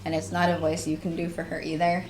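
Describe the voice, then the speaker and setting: A woman's voice: sits low, completely flat delivery, fast, a little mellow, slight background noise. A woman co-hosting a let's play in casual chat, teasing and prodding her partner in a dry way.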